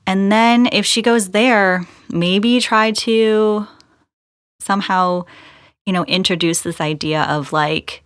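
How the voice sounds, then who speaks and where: A woman co-hosting a casual podcast, cracking puns and giving gentle relationship advice. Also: medium pitch, slow, smooth, no room sound, clean studio sound. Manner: punning, giggly, gives gentle advice. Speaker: podcast co-host.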